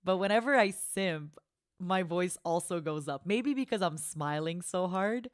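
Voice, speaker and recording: A woman's voice: on the low side, expressive, measured pace, no room sound, clean studio sound. A woman streamer chatting casually and gushing playfully as she reacts on a watchalong. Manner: gushing, playful, laughs often.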